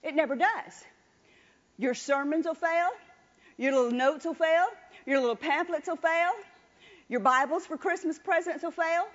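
A woman preaching a sermon with emphatic repetition, calling on the congregation to answer. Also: sits high. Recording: dull lo-fi recording.

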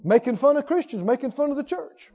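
Fervent high-voiced preacher in a reverberant hall. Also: male voice, expressive, brisk, faint music behind. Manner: fervent, emphatic, swings from loud to hushed. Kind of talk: sermon. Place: church sanctuary. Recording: lo-fi recording with long hall reverb.

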